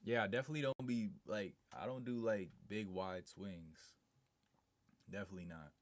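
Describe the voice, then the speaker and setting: A man with a lowish, steady voice speaks at a moderate pace while live streaming. He's laid-back and slangy, reading his chat aloud and chatting back to viewers.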